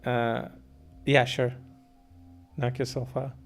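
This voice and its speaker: A man's voice: mid-range voice, little pitch movement, slow pace, soft background music. A man streaming live, answering chat comments in a blunt, mocking, incredulous way with plenty of swearing.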